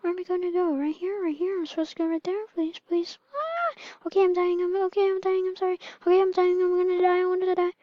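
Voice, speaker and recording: A woman voicing a terrified little girl who is suffocating and begs for help in a high, breathless voice. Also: flat delivery, fast, dry recording, highs cut off. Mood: pleading. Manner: high, desperate, breathless pleading.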